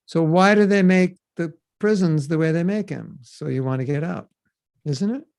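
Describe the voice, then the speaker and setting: A man hosting a podcast, teaching scripture in a casual, animated way and acting out quoted voices. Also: fairly high pitch, moderate pace, creaky, dry recording.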